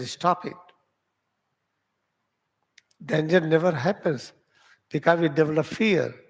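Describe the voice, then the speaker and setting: A man with an Indian accent, a meditation teacher whose first language is Hindi, teaching at an ashram in slow, deliberate, simple English. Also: on the high side, gravelly, breathy edge. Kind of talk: spiritual teaching talk.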